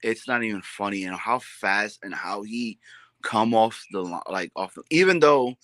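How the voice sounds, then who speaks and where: A man's voice: lowish voice, normal speed, fairly bright tone, dry recording. A man co-hosting a casual sports chat, hyped and rambling, calling people bro and dude.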